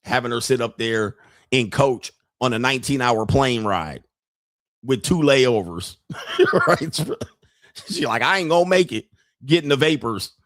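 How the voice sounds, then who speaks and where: A man hosting a podcast, telling a story in a profane, animated way with frequent laughter. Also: medium pitch, unhurried, pauses often, dry recording, clean studio sound. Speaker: podcast host. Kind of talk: casual monologue.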